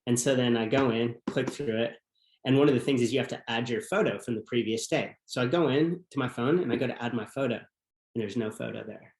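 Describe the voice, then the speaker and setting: A man's voice: mid-range voice, brisk, darkish tone. A man as a podcast guest, telling a personal story in an earnest, reflective way. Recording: roomy echo.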